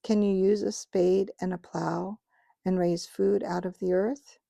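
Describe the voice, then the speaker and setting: A woman reading aloud gives voice to a majestic male lion king, speaking in a grave, measured, commanding way. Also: medium pitch, flat delivery, creaky, dark tone, dry recording. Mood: solemn.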